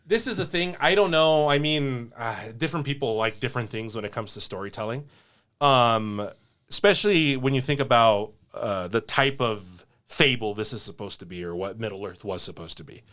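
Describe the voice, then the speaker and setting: A man hosting a podcast in casual chat, rambling, laughing often and slipping into quick character asides. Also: mid-range voice, fairly bright tone. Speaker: podcast host.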